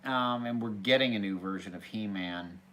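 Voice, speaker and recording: A man's voice: lowish voice, moderate pace, pushed and bright, a little hiss or hum. A man hosting a casual Q&A, reading out viewer questions from a small office and answering them in a chatty, hesitant way with restarts. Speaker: host.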